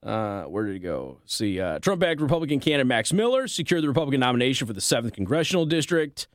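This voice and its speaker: A man's voice: medium pitch, very animated, quick pace, dry recording, studio quality. A man hosting a political commentary show, reading news articles aloud and breaking in with sarcastic, combative asides. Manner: sarcastic, combative asides between read passages.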